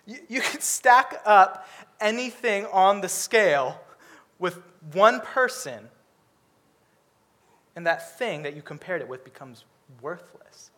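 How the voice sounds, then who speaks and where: A man preaching a sermon, lively and humorous, acting out characters with comic voices. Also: high-pitched, slow.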